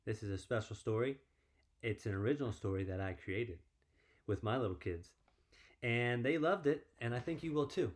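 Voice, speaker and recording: A man, a PE teacher, telling a story to young children in an animated, sing-song way from home. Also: mid-range voice, moderate pace, roomy sound.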